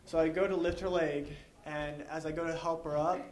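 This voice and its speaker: Young male storyteller, slightly high voice, loose and rambling with constant "like", laughs at his own story. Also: flat delivery, fairly quick, darkish tone. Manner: rambling, heavy use of "like", chuckles while telling. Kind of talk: live storytelling to an audience.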